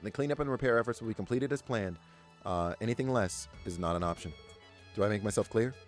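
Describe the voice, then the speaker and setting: Man voicing a strict female commander, clipped, commanding, low voice, faint music behind. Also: quick pace, natural voice. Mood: stern. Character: stern female military commander, authoritative.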